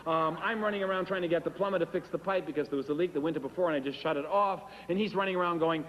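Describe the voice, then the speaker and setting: A man's voice: on the high side, very fast, hardly any pauses, long reverb tail, highs cut off. A man performing a wry, self-deprecating storytelling monologue and acting out the dialogue himself.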